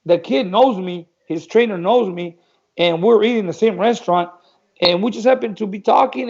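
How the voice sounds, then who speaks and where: Male guest, high-pitched, animated storyteller; lo-fi, muffled recording. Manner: animated storyteller acting out dialogue. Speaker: guest telling boxing stories. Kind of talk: casual storytelling.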